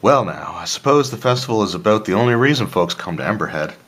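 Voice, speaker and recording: A man's voice: on the low side, expressive, quick pace, a bit bright, breathy edge. A man voicing a kindly village landlady who talks in a homely, chatty way with a faint drawl. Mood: hospitable. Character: kindly village landlady, middle-aged woman.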